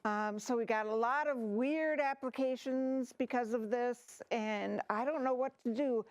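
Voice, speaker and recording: An improv actress as an unsure office manager, speaking slowly in a clear, fairly high voice and pausing on ums. The sound is dry and close. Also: female voice, no echo, natural voice. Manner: hesitant, many ums. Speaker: improv performer. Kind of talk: improv comedy scene.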